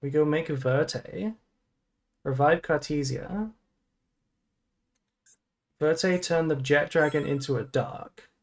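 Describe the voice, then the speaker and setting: A woman's voice: deep voice, takes it slowly, pauses often. A woman streamer casually thinking aloud through a card game, swearing and groaning melodramatically at her bad luck.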